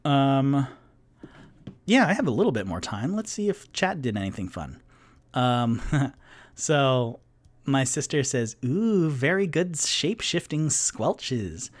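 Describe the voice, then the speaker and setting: Casual guy hosting a solo tabletop game stream, rambly, lots of likes and ums, mid pitch, slow going. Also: big pitch swings. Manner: casual, rambling, filler-heavy. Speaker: game master and show host.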